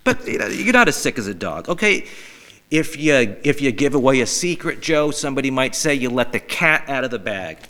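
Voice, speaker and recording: A middle-aged man hosts a casual podcast, ranting in mock outrage and swearing freely. His voice is bright and ringing, and his pitch swings widely as he works himself up. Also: fairly quick. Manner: profane, animated, mock-outraged. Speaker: podcast host. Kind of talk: casual comedic podcast rant.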